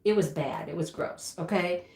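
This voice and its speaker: A woman in her sixties reads comments on her live stream, casually reminiscing, laughing frequently and singing now and then. Her voice is on the low side and darkish, at normal speed, recorded in an echoey room with a little hiss or hum.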